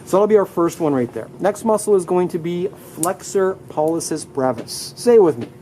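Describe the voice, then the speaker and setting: A man's voice: high voice, expressive, normal speed, a loud crowd, rough recording. A man teaching anatomy in a live classroom lecture, upbeat, leading students through muscle names and asking them to repeat terms aloud. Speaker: anatomy instructor.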